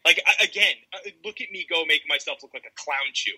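A man's voice: fairly high pitch, fairly quick, sharp tone, breathy edge, poor audio. A man contributing to a sports podcast, talking in an exasperated, stammering way with dramatic storytelling. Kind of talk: casual sports podcast chat.

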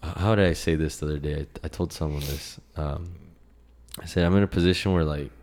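A young man co-hosting a podcast, relaxed and upbeat, swearing casually as he talks. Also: a bass voice, quick pace. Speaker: podcast co-host. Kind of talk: casual chat.

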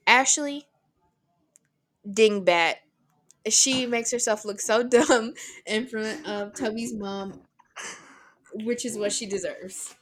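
A woman's voice: a little high, slow, pauses often, a bit bright. A young adult woman co-hosting a podcast, recapping an episode in casual chat with a sarcastic, giggly manner. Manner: sarcastic, giggly, talks over her co-host. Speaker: podcast co-host.

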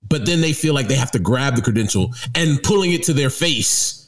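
A man co-hosting a casual sports talk show, joking and animated, often breaking into laughter as he talks. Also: mid-range voice, fairly quick. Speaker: show co-host.

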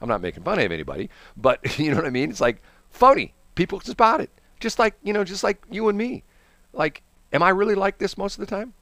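Lively St. radio host, man. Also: sits high, fast talker, dry recording. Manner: rambling, acts out quotes in put-on voices. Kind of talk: casual on-air banter. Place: radio studio.

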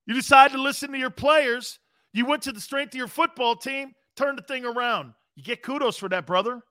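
A brash sports talk host with a high-pitched voice, needling his viewers and swearing freely. He sounds combative but playful as he answers comments live. The recording is dry, with no room sound. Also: brisk, pushed and bright, no room sound. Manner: brash and profane, talks straight to viewers.

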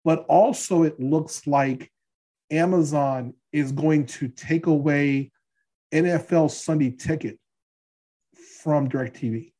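A man's voice: fairly high pitch, slow, warm tone. Middle-aged guy shooting the breeze about football, jokey, keeps restarting sentences. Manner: chatty, joking, trails off and restarts. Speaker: podcast co-host. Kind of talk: casual sports chat.

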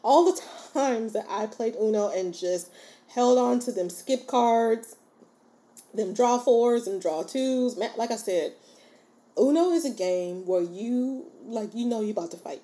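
A woman's voice: a little high, measured pace, mellow. A woman hosting a solo podcast, talking informally and encouragingly and often checking in with her listeners. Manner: chatty and informal. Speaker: podcast host. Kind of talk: casual solo podcast talk.

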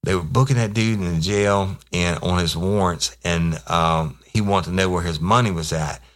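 A man's voice: deep voice, moderate pace, a bit bright. A man voicing a worried fellow police officer in a story he tells. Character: fellow male police officer, anxious and urgent.

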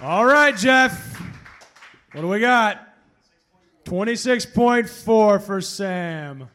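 A man's voice: high voice, lively intonation, drawn-out words, pushed and bright. A man hosting a live poetry slam, loose and profane as he calls out judges' scores.

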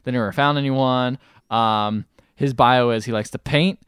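A man's voice: medium pitch, steady tone, unhurried, fairly bright tone, clear, resonant tone, dry recording, clean studio sound. A man hosting a podcast, casually recapping a movie, rambling and swearing. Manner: rambling, swears freely, acts out lines. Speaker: podcast host.

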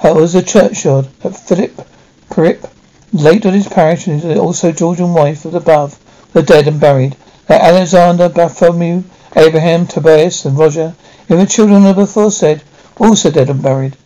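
A man reading a classic novel aloud, halting now and then to restart a word. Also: on the high side, dark tone, rough recording. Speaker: audiobook reader.

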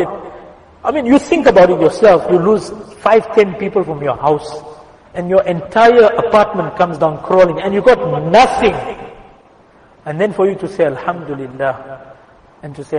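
Earnest male preacher in an echoey hall. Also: sits high. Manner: earnest storytelling, slowing and softening for quoted words. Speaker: imam giving a Friday sermon. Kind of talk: sermon. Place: mosque prayer hall. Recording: echoey hall with long reverb.

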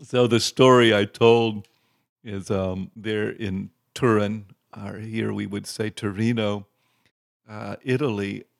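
A man, a guest minister, telling church stories in a relaxed chat, with many pauses and fillers, growing louder as he gets into a story. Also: fairly low pitch. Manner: unhurried, gravelly, many fillers, grows loud and excited telling stories.

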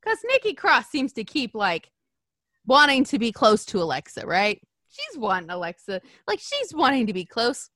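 A woman co-hosting a podcast in casual chat, animated and profane, with frequent laughing asides. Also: a little high, normal speed, no echo, studio quality. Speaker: podcast co-host.

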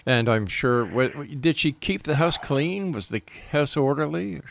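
A man's voice: fairly high pitch, lively intonation, measured pace, gravelly, dry recording. A man hosting a radio interview, putting brief questions and prompts to his guest. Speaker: radio host.

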